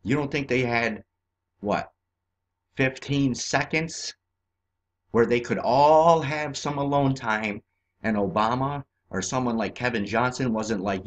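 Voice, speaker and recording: A man from California ranting in a profane, agitated way over on-screen maps, swinging between shouting and muttering. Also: medium pitch, slow. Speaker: vlogger.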